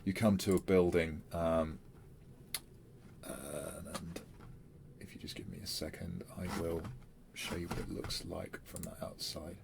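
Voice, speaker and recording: A man's voice: low-pitched, fairly even intonation, measured pace, creaky, very noisy. A man running a tabletop role-playing game as game master, chatty and stop-start with many fillers.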